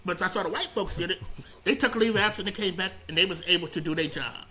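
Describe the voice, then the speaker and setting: A man's voice: high-pitched, fast talker, poor audio. A middle-aged man telling stories in a casual interview, rambling and repeating himself as he goes. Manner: rambling, repeats words and restarts, animated storyteller. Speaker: interview guest, radio founder.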